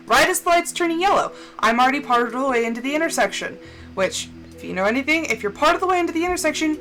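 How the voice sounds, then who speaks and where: A woman streamer tells a story in a high, bright voice that swings widely up and down. She rants with indignation and swears freely. Soft music plays quietly behind her. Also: rough recording. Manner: animated, swears a lot, indignant ranting. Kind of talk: casual storytelling while gaming.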